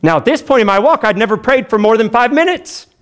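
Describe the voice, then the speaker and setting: A man preaching a sermon as pastor, talking in a chatty, joking way and acting out quotes with big pitch swings. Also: lively intonation, fast, clear, resonant tone.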